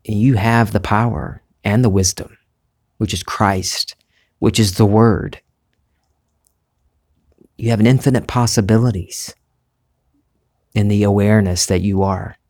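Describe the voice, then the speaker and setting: A man's voice: fairly low pitch, steady tone, a little mellow. Man with a faint Southern accent. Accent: Southern US, mild. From Southern United States. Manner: musing, unhurried, restarts phrases, laughs easily. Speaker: spiritual vlogger, former reporter. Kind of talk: reflective spiritual monologue.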